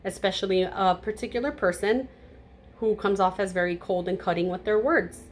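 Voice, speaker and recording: A woman giving a tarot reading to camera, blunt and emphatic, naturally loud, with casual swearing. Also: medium pitch, normal speed, a little hiss or hum. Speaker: tarot reader.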